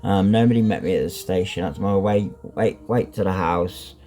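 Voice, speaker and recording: A man speaks about his life in a candid personal vlog, his low-pitched, dark voice keeping a moderate pace. He rambles bluntly, swearing and filling gaps with ums and you-knows.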